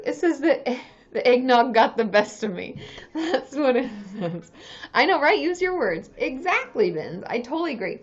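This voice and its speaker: Chatty therapist lady on a live stream, blunt, swears a lot, kinda high voice, muffled webcam audio. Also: big pitch swings, normal speed. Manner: candid, chatty, swears freely, laughs often. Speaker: licensed therapist hosting a livestream. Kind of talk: casual live-stream chat.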